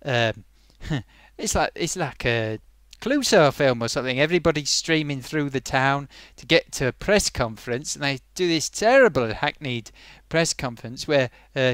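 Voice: medium pitch, fairly bright tone, smooth, no room sound. A comic film reviewer from Britain who talks scornfully and rambles, tying himself in verbal knots between asides.

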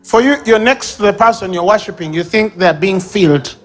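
A man with a Ugandan English accent preaching a sermon at a church service, animated, acting out sobs and baby babble and shouting key lines. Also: sits high, brisk, soft background music.

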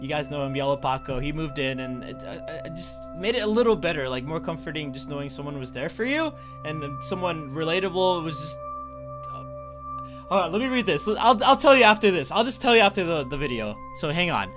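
A young man from North Carolina giving let's-play commentary, earnest and halting, often stammering and restarting his sentences. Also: fairly high pitch, expressive, music in the background. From North Carolina, USA. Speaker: gaming YouTuber.

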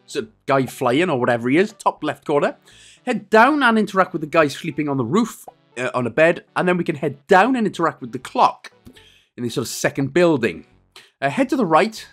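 Jokey thirty-something man narrating a game guide. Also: a little high. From Wales. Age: 30s. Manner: jokey, rambling, self-deprecating asides. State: losing his voice a bit. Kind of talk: casual gameplay walkthrough commentary.

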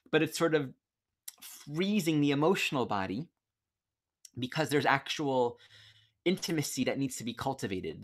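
Gentle, reflective male lecturer on a video call. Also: a little high. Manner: gentle, reflective, reads quotes aloud with self-corrections. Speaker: astrology teacher.

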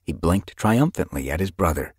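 Male audiobook narrator, deep voice, lively delivery, husky, dry close recording. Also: moderate pace, no room sound. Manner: expressive storytelling. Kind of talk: scripted narration.

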